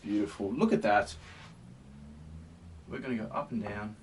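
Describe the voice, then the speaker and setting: A man hosting a painting demonstration, gentle and encouraging, often sinking to a soft near-whisper. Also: lowish voice, normal speed. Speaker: painting tutorial host. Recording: slightly distant mic with faint hiss.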